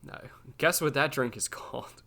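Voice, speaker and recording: A man's voice: mid-range voice, normal speed, gravelly, bright, forceful tone. A man co-hosting a podcast, telling a rambling, profane story in a loose, casual way. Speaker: podcast co-host.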